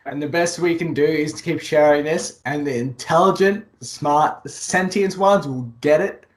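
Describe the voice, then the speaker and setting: A man's voice: on the high side, unhurried. A man hosting an online interview, agreeing with his guest in brief affirmations. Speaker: host.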